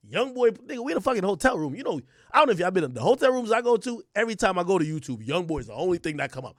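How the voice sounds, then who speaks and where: Animated young man telling a wild story. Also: high-pitched, very fast, few pauses, no echo, clean studio sound. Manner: animated, profane, swings between mumbling and yelling. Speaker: streamer. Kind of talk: casual storytelling on a livestream.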